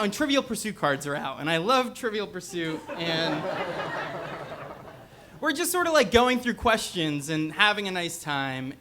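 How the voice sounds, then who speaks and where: Bright-voiced young man telling a story. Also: high-pitched, slight background noise. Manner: casual and rambling, many "like" fillers. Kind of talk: live personal storytelling. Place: bookstore event before a live audience.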